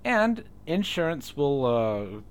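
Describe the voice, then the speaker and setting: A man's voice: a little high, very animated, slow, slight background noise. A man co-hosting a podcast, telling personal stories in an easygoing way and laughing often. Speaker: podcast co-host. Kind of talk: casual chat.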